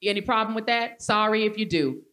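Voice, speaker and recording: A woman's voice: medium pitch, fairly quick, fairly bright tone. A woman moderating a live onstage conversation, speaking in an emphatic, blunt and playful way.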